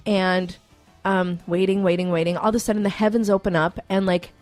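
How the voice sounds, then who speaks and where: A woman co-hosting a radio show, telling a lively story in casual chat and acting out the quotes. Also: mid-range voice, fairly quick, faint music behind. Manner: animated storyteller, acts out quotes.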